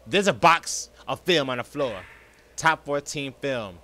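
Brief: man, 30s, gaming host, joking and slangy, forceful bright voice. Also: mid-range voice, lively intonation, a little slow. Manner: hyped, slangy, joking, talks to viewers as y'all. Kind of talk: let's play horror commentary.

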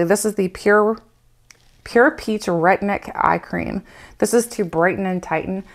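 A woman in her thirties chatting candidly through a beauty product review, with lots of "like" fillers. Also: lowish voice. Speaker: beauty vlogger reviewing samples.

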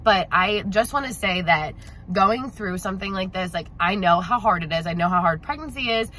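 A woman's voice: mid-range voice, expressive, moderate pace, pushed and bright, a little hiss or hum, rough recording. A woman recording a heartfelt video message for a friend, emotional and gushing, often repeating herself.

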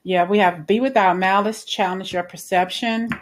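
A woman's voice: mid-range voice, steady tone, normal speed, a little hiss or hum. A woman giving a casual spoken tarot reading in a chatty, reassuring way, with frequent fillers and restarts. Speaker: tarot reader.

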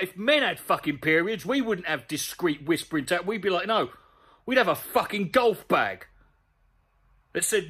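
A man with a fairly high voice that swings all over the place. He reads out an article and tears into it with sarcastic, sweary asides, sounding exasperated throughout. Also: animated, normal speed, a bit bright. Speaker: comedy YouTuber. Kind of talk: sweary comedic rant reading an article aloud.

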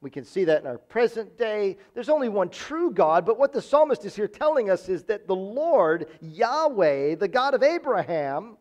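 A man with a strikingly high voice preaches a sermon as pastor. He talks emphatically, circling back to the same phrases to drive each point home. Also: big pitch swings, normal speed, few pauses, darkish tone. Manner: emphatic, repeats phrases for stress. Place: church.

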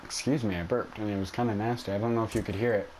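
A man's voice: fairly low pitch, fairly even intonation, very fast, a little mellow, a little hiss or hum. A man giving casual, self-mocking commentary while playing a video game, yelping in panic when things go wrong. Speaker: gaming YouTuber. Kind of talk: casual let's play commentary.

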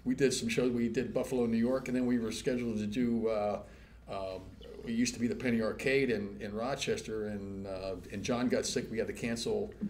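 A man, a rock musician guest, talking in a rambling, animated way with many restarts and casual swearing. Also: mid-range voice, a little fast, slight background noise. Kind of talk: casual interview chat.

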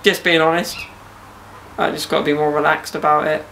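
Gravelly young man, joking. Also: fairly high pitch, little pitch movement, brisk, bright, forceful tone, a little hiss or hum. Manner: joking banter with slang. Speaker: podcast host. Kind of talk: casual podcast chat. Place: outdoors in a garden.

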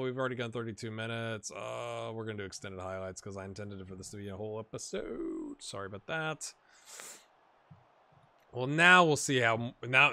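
A man giving casual, rambling commentary over a football management game, with sudden excited outbursts and a slightly rough throat. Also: medium pitch, no echo. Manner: rambling, excitable bursts over match play. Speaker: gaming commentator. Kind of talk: casual let's-play commentary.

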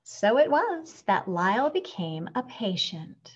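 A woman reading a children's picture book aloud with expressive, animated storytelling, on a dull recording. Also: a little high, slow, husky. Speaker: storybook reader.

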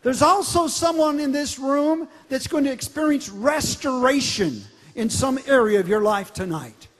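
Middle-aged male pastor with a very high voice, emphatic sermon delivery, recorded in a large church with long reverb. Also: a little slow. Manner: emphatic, swings from loud declarations to quiet storytelling.

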